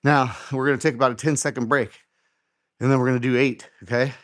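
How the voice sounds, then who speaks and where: A man's voice: mid-range voice, a little fast. A middle-aged man hosting a live workout show, casually coaching and counting reps aloud, a little out of breath as he exercises. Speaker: fitness show host.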